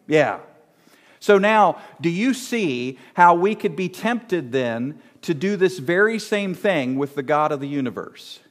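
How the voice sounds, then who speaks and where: A man preaching a sermon, speaking straight to his listeners and asking them many questions. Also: on the high side. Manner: asks the audience many direct questions. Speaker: pastor.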